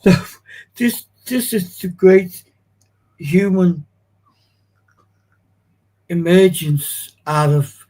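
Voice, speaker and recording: A man's voice: high voice, drawn-out words, long pauses, darkish tone. A man with a Liverpool accent hosting a casual chat, giving dry, brief reactions. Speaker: host.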